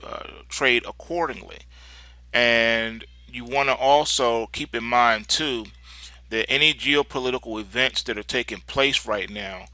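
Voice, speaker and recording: A man's voice: medium pitch, sharp tone, no echo. A man hosting a casual market recap, walking through charts with frequent fillers and repeated words. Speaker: market commentary host.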